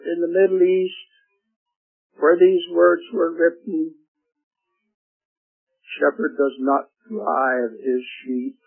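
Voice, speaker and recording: An older man preaching a gentle, emphatic sermon on the radio and asking his listeners questions. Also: fairly high pitch, gravelly, husky. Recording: tinny phone-like radio broadcast with faint music.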